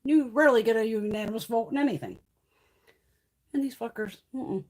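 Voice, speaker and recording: A woman's voice: a little high, fairly quick, darkish tone. A woman hosting a casual livestream chat, ranting heatedly and swearing freely. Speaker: beauty vlogger hosting a livestream.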